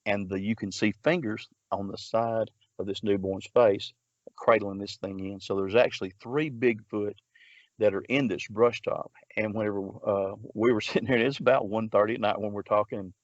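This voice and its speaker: A man's voice: lowish voice, no echo, dull audio. A man, a Bigfoot researcher, telling a long story in a rambling way, full of restarts and filler words. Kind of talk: casual storytelling.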